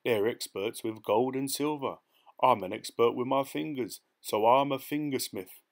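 A man's voice: mid-range voice, moderate pace, close to an everyday voice. A man voicing a sly, boastful male pickpocket, talking in a cocky, streetwise way.

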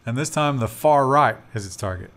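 Lively joking man discussing tech news. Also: mid-range voice, fairly quick. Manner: lively, joking, trails off with fillers. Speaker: news show co-host. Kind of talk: casual tech news banter.

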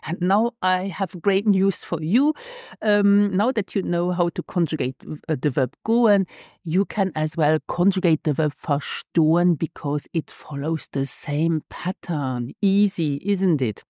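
Woman teacher, low voice, slow careful delivery, dry close mic. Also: dark tone, dry recording. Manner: slow, careful, repeats phrases for learners. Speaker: language teacher. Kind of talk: podcast language lesson.

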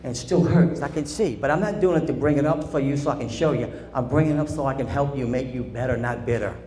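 A man's voice: mid-range voice, fast, darkish tone, reverberant. A male pastor preaching in a church sanctuary, his voice ringing around the room and carrying faint ambient hum behind it. He talks in a call-and-response style, asking the congregation to answer him. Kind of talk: sermon.

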